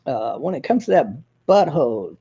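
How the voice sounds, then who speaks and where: A man putting on a halting, mumbling voice of an adult male friend who stalls on every word. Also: medium pitch, sing-song, gravelly, warm tone, husky, voice pushed down, exaggerated voice. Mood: hesitant. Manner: slow, hesitant, full of "uh" and "um". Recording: dull lo-fi audio.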